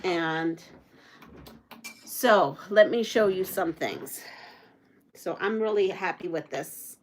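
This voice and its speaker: A woman's voice: on the low side, slow, slight background noise. A middle-aged woman hosting a quilting channel, chatting casually at home while sewing and reading viewer comments aloud.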